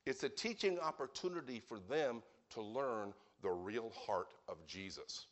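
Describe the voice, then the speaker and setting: A man preaching a sermon, telling a Bible story in an animated way, with sudden swings in pitch and loudness. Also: a little slow.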